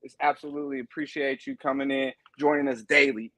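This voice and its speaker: A man co-hosting a betting show, loud, excited and profane as he gives shout-outs to viewers. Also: medium pitch, fairly quick, no room sound. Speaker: sports betting show co-host.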